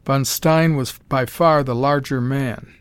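A man narrates a pulp story in a measured, dramatic way. His voice sits at a middling pitch, and the recording is dry and close with no room sound. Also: steady tone, clean tone, no echo. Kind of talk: scripted audiobook narration.

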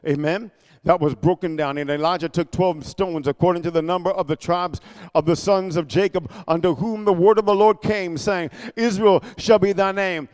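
A man preaching a sermon in a sing-song cadence, reading scripture and breaking into shouted, mocking asides with frequent "amen". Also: high-pitched, fairly even intonation, moderate pace, clear, resonant tone, big-room sound.

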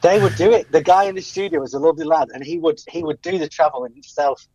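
A man's voice: a little high, fast talker, darkish tone, a little hiss or hum, poor audio. A man in casual radio chat, chatty and laughing often as a guest presenter.

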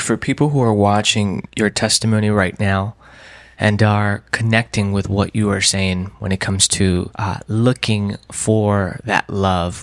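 Low gravelly interviewer asking measured questions. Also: male voice, dry recording.

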